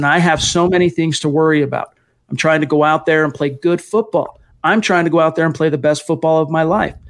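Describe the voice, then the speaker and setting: A man hosting a sports podcast, talking at length with detours and self-corrections. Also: a little high. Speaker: podcast host. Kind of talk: casual sports podcast chat.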